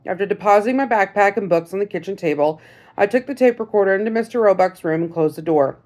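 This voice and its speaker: A woman narrating a first-person audiobook in a measured, reflective storytelling manner. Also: medium pitch, a little mellow.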